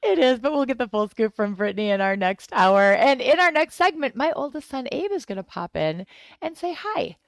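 A woman in her forties co-hosting a morning radio show, chatty and quick to laugh. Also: fairly high pitch, no room sound, studio quality. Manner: chatty, laughs easily, animated. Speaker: radio co-host. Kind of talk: casual morning radio chat. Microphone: studio microphone.

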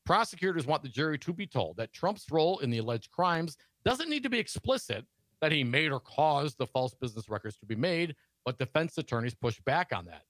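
A man's voice: on the high side, sing-song, fairly quick, a bit bright, dry recording. A man co-hosting a political talk show, reading news stories aloud and adding sarcastic asides.

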